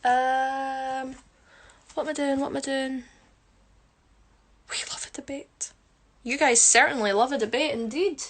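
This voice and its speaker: A woman's voice: high-pitched, steady tone, moderate pace, slight background noise. A woman chatting casually with viewers on a phone livestream, teasing and joking while she does her makeup. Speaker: livestream host answering viewer comments. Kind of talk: casual chat.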